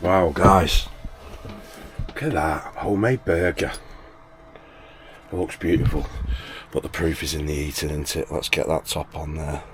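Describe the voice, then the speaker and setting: Deep-voiced man vlogging in his van. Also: slight background noise. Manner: chatty, keeps addressing viewers as guys. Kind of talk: casual vlog narration while cooking. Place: inside a camper van. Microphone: handheld camera. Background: food frying in a pan.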